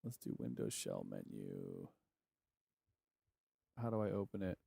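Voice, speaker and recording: A man's voice: rumbling low, huge pitch swings, unhurried, vocal fry, dark tone, husky, dry recording. Frustrated man muttering through a plugin install. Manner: frustrated, muttering to himself, swears often. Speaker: music producer vlogger. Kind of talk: casual screen-recording chat.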